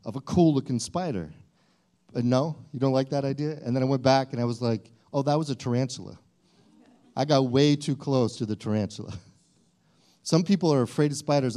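A man's voice: medium pitch, dark tone. A male pastor preaching a sermon in a conversational way, often repeating and restarting his phrases.

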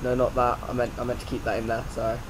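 A man's voice: medium pitch, monotone, quick pace, slight background noise, rough recording. A man giving let's play commentary, jumpy and prone to swearing, yelping and shrieking when startled. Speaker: gaming YouTuber.

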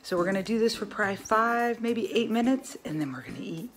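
A woman's voice: on the high side, fairly quick, faint music behind, rough recording. A woman hosting a home cooking demonstration in her kitchen, chatting viewers through each step. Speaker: home cooking channel host. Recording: loud sizzling pan noise.

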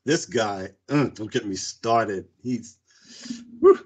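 A man's voice: fairly low pitch, slow pace, breathy edge. A man hosting a casual interview, friendly and affirming, with brief interjections. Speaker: interview host.

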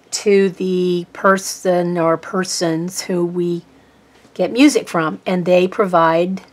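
A rambling, chatty woman talks while she paints, with a Norfolk, Virginia accent. Her voice sits fairly low for a woman, and she sounds a little tired as she pokes fun at herself. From Texas. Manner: rambling, chatty, self-deprecating. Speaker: art vlogger. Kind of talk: casual chat while painting.

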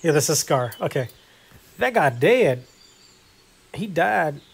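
A man's voice: on the high side, sing-song, slow, creaky, breathy edge. A man hosting a casual gameplay video, chatting in a rambling, self-deprecating way with lots of fillers. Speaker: gaming video host.

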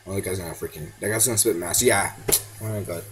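A teenage boy gamer gives casual, excitable commentary, yelping and pleading at the game and slipping into now and then. His low voice moves quickly over background music on a low-quality recording.

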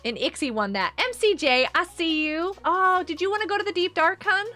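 A woman's voice: very high-pitched, expressive, fairly quick, pushed and bright, soft background music. A woman hosting her own game server on a live stream, chatting casually with viewers, bubbly and giggly, reading their messages aloud.

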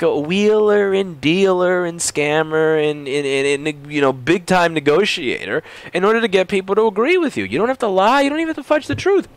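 A man who runs a repair shop, ranting casually in a blunt, profane, animated way. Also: a little high, dry recording. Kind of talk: casual rant vlog.

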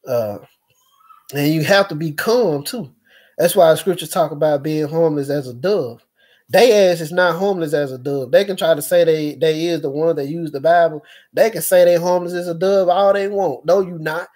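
Halting, rambling man with a higher voice. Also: a little mellow. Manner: halting, many fillers and restarts, conversational. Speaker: speaker recounting experiences. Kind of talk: rambling personal monologue.

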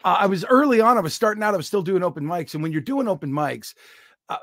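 A man with a high, gravelly voice tells a comic story in an animated, self-deprecating way. The sound is close and dry. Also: quick pace, no echo. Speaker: comedian guest.

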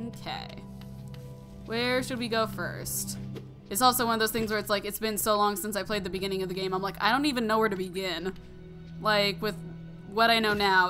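A young woman giving casual, rambling gameplay commentary, full of fillers and quick laughs. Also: medium pitch. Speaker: let's play commentator.

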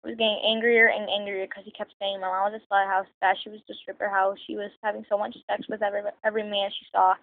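A teenage girl telling a personal story to camera in a halting, rambling way full of ums and restarts, recorded on a phone. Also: medium pitch, little pitch movement, phone-quality sound, slight background noise. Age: teens. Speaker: vlogger.

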